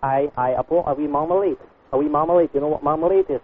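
A man's voice: a little high, fast talker, over a noisy crowd, lightly acted. A man voicing a bumbling male caller with a put-on Scottish accent, rambling and stammering over a marmalade complaint. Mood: complaining. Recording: tinny phone line.

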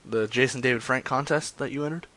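A man's voice: mid-range voice, fast talker, pushed and bright. Joking, crude man hosting prank calls. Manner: crude, joking, trails off into mumbles. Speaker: prank caller hosting a call-in stream. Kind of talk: casual rambling chat with prank calls.

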